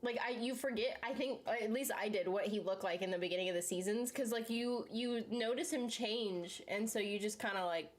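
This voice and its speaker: In a medium-pitched voice, fairly quick and with few pauses, a young channel host eats and reacts to a series. The chat is loose and rambling, stuffed with "like," fillers, and laughter.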